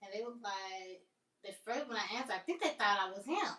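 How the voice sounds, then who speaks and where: A woman's voice: medium pitch, lively intonation, a little fast, fairly bright tone. A woman chatting casually on a live stream, rambling and amused by her own jokes. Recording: roomy, distant from the mic.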